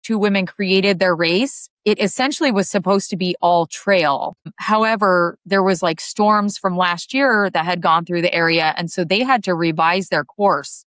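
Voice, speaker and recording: A woman's voice: medium pitch, a bit bright, no echo. A woman ultrarunner chatting casually as an interview guest, her speech full of "like" fillers. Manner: chatty, heavy use of "like" fillers.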